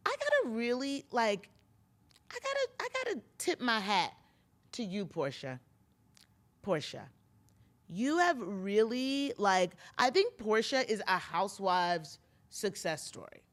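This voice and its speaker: A woman hosting a casual podcast, recapping reality TV in a chatty, gossipy way and talking straight to her listeners. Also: medium pitch. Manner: chatty, gossipy, lots of fillers and asides to listeners. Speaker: pop culture podcast host.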